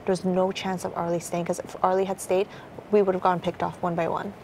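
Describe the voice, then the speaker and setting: A woman's voice: fairly low pitch, little pitch movement, fairly quick, creaky, darkish tone, slight background noise, poor audio. A young woman talking strategy in a casual, rambling way, full of fillers and swearing. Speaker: reality show contestant.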